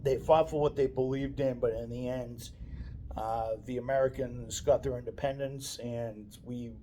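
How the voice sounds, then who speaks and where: Mellow-voiced man rambling casually. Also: mid-range voice, fairly even intonation, normal speed, slight background noise. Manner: meandering, hesitant, often restarts sentences. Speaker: daily video blogger. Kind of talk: casual off-the-cuff monologue.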